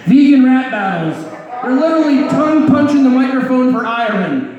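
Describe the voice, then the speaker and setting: A man performing a live stand-up set of crude one-liners, delivered deadpan with a dry "you're welcome" tag. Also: extremely high pitch, moderate pace, lo-fi sound. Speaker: stand-up comedian. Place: comedy club stage before a laughing audience. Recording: echoey room, distant mic, crowd laughter.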